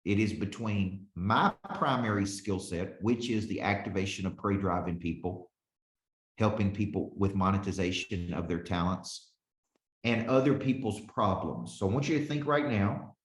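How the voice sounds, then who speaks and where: A man's voice: fairly low pitch, moderate pace, echoey room. A man in his forties, a business coach teaching a live webinar with lots of energy, calling on listeners by name and often checking in with "okay?". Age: 40s.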